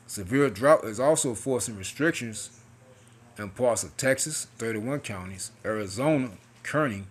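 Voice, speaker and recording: A man in casual commentary, reading news aloud and talking loosely, half-joking, with laughs and lots of 'man' and 'hey'. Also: medium pitch. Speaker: religious video commentator.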